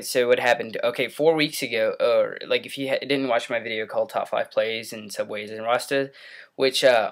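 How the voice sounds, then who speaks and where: On his vlog, a young man talks to the computer in his bedroom, rambling through a story, interrupting himself and laughing a lot. His voice is medium in pitch with a fairly bright tone, picked up by a computer mic.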